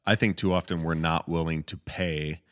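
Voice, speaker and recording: A man co-hosting a podcast in casual, relaxed conversation, full of likes and you-know-what-I-means. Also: sits low, normal speed. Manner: relaxed, filler-heavy conversational talk. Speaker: podcast co-host.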